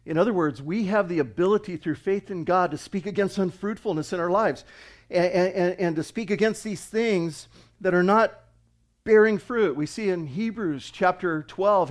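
Middle-aged male pastor, slightly high voice, preaches with swings from hushed to emphatic. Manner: swings between quiet reflection and loud emphatic preaching. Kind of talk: sermon.

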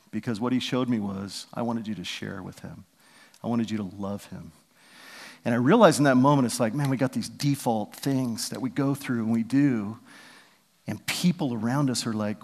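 A male pastor preaches in a church sanctuary, his voice carrying a long reverb off the large hall. He talks through stories in a loose, conversational way, slipping into the voices of the people in them. His pitch sits in an ordinary middle range. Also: steady tone, normal speed, darkish tone. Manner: conversational storytelling, acting out quotes. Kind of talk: sermon.

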